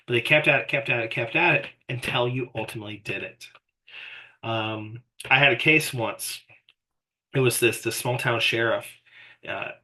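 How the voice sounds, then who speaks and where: Law lecturer, male, bright edge to the voice, chatty delivery with lots of "you know" and "right?". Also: mid-range voice. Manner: conversational, frequent "right?" and "you know", acts out quoted exchanges. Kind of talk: casual recorded lecture.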